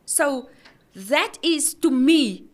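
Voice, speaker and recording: A woman's voice: sits high, animated, very slow. A woman in casual faith-based chat, earnest and preaching, often repeating her words.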